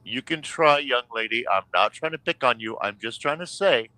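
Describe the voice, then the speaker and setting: A man's voice: medium pitch, lively intonation, moderate pace, pushed and bright, dry recording, poor audio. A man lecturing emphatically and scolding others in a heated group chat.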